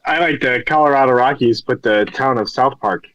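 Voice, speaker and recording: A man's voice: mid-range voice, brisk, fairly bright tone, muffled recording. A man co-hosting a podcast, chiming in with short remarks and quips in casual sports chat. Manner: brief interjections and quips. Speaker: podcast co-host. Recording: distant from the mic.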